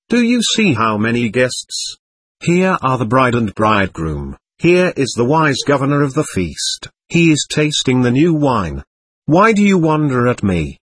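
A man reading the part of a gentle, joyful old male monk elder, speaking softly and tenderly. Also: medium pitch, breathy edge, no room sound, full character voice. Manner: soft, tender, warm-hearted speech.

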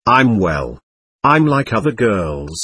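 An earnest, wondering little girl in a storybook reading, as a man puts her on. Her voice lifts a little as she asks hopeful questions, husky and close in a dry room. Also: fairly low pitch, very animated, slow, sharp tone, dry recording, full character voice. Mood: joyful.

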